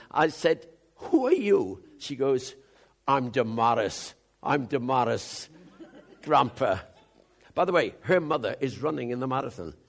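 An older man preaching a conversational sermon, telling stories with frequent throat-clearing and chuckles. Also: a little high, fairly bright tone.

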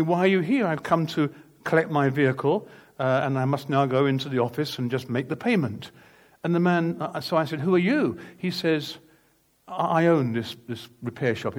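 An older man telling a story in a sermon, shifting between quiet asides and loud, laughing outbursts. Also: fairly high pitch. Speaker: preacher.

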